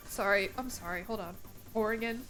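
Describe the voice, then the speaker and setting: A woman's voice: mid-range voice, moderate pace, music in the background. Chatty young woman streamer rambling. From United States. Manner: rambling, playful, laughs between lines. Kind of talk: casual game-stream chat.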